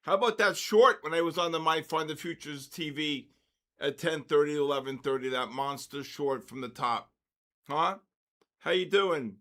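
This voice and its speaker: Older male stream host, a bit high-pitched, upbeat and chatty, calls out viewers by name. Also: a bit bright. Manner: upbeat, greets viewers by name in quick bursts. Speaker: host of a live trading session. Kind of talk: casual live-stream chat.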